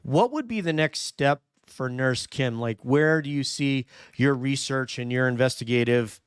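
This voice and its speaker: Male podcast host, smooth clear voice, halting delivery full of fillers. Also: mid-range voice, dry recording, clean studio sound. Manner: halting, many filler pauses. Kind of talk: conversational interview.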